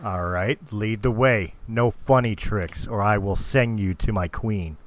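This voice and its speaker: A man voicing a haughty male drow noble who speaks in a loud, imperious, cold tone. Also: on the low side, measured pace, voice pushed down, close to an everyday voice. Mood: curt.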